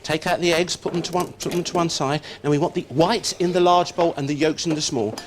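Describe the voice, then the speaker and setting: A man's voice: a little high, fairly even intonation, a little fast. A man teaching a hands-on cooking demonstration as a TV chef, talking contestants through each step in an upbeat, encouraging way. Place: TV studio kitchen set. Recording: loud background noise on an old TV recording.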